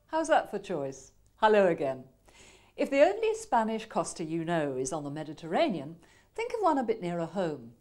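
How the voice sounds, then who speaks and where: Lively female TV presenter. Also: on the low side, normal speed, soft background music. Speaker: continuity announcer and presenter. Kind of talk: television presenting.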